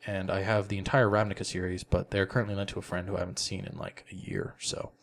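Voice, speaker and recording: A young man with a fairly low voice talks casually on a gaming podcast. He explains rules patiently and at length, with a relaxed, chatty flow. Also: quick pace, gravelly. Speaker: podcast co-host. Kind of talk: casual chat.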